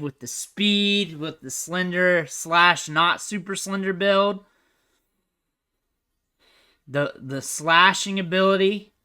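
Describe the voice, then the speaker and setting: A young recruiting analyst host gives casual, chatty commentary over football highlight film. He thinks aloud, his sentences trailing off quietly at the ends.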